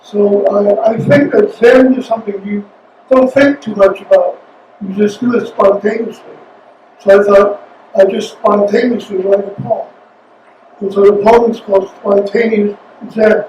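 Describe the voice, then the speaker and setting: A man from China giving a poetry reading with spoken asides between poems, talking haltingly with many pauses and hesitations. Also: high voice, fairly even intonation, a little mellow, muffled recording. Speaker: featured poet. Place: reading venue. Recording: roomy sound from a distant mic, faint noise.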